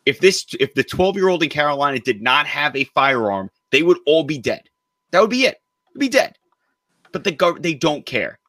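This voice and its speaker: A man's voice: on the high side, sing-song, moderate pace, pushed and bright, no room sound, clean studio sound. A man co-hosting a political talk show, speaking emphatically and with indignation, throwing in sarcastic jabs. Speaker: co-host.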